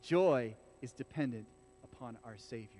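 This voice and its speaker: A man preaching a conversational sermon in a church, casual and animated, often restarting his sentences and talking straight to the congregation. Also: mid-range voice, moderate pace. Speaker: pastor.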